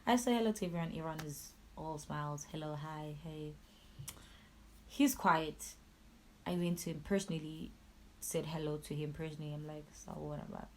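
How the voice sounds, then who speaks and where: A young woman recounts a painful personal story, her lowish voice dropping to a hush and then rising sharply. Faint noise sits under the recording. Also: moderate pace, low-quality recording. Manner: raw, emotional, switching between hushed and loud. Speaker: YouTuber. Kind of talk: emotional storytime vlog.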